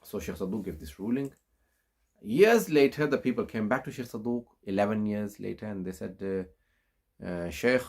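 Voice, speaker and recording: A middle-aged man preaching, telling a religious story slowly with many fillers and rising emphasis. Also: creaky, a little mellow, breathy edge. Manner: unhurried, many fillers, rises in pitch for emphasis. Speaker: Islamic preacher. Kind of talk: storytelling sermon.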